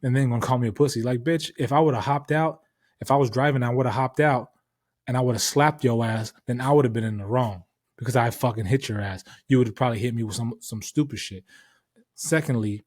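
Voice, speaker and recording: Podcast host, male, mid-pitched, dry close mic, swearing through a heated story. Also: a little fast, no room sound. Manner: profane, heated, animated retelling. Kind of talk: casual storytelling.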